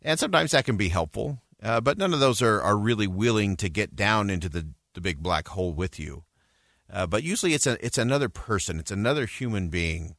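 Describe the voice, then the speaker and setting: Male talk radio host, reflective storyteller, lowish pitch, dry studio mic. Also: animated, brisk, fairly bright tone, dry recording. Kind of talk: talk radio closing commentary.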